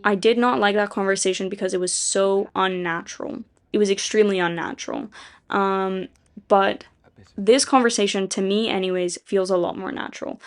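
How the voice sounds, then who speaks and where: A woman with a gravelly, low-fry voice walks through a story plot in a loose, rambling way. She leans on fillers and slips into quoting characters. She swears casually and does not hold back her opinions. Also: fairly even intonation, normal speed. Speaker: video essayist.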